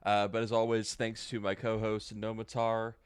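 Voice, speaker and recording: Low-voiced guy hosting a podcast, chill, laughs a lot, dry close mic. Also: monotone, normal speed, clear, resonant tone, dry recording. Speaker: podcast host. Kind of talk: casual podcast chat.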